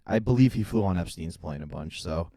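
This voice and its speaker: A man's voice: deep voice, animated, brisk, warm tone, no echo. A podcast host in a casual chat, joking and laughing along with his guest.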